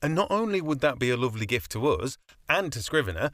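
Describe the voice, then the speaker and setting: A man's voice: mid-range voice, sing-song, fast, fairly bright tone, no room sound, clean studio sound. A man from England co-hosting a podcast, playful and jokey in casual chat. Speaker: podcast co-host.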